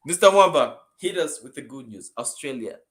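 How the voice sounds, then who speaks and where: A man from Zambia, co-hosting a casual football prediction chat over a video call. He speaks energetically and emphatically, swinging between loud bursts and softer asides. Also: mid-range voice, lively intonation, fairly quick. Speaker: co-host.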